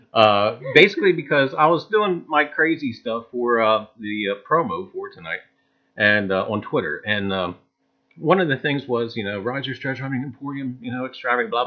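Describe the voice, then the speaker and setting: A man with a New Jersey accent hosting a live stream, greeting chat viewers by name with lots of "uh"s. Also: mid-range voice. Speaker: livestream host. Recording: dull lo-fi stream audio.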